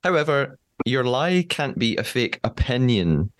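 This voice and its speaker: A man's voice: mid-range voice, sing-song, unhurried. A man hosting a podcast, chatting casually and laughing often with his guest. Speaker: podcast host. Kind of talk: casual interview chat.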